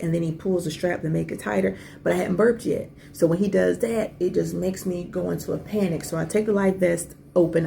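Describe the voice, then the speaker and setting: A woman in her forties hosts a podcast and tells a personal story in casual conversation. Her voice sits low and strongly gravelly, with a dark, mellow tone. She talks with lively asides and keeps asking the listener questions. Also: slight background noise. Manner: animated, conversational, with many asides and rhetorical questions. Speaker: podcast host.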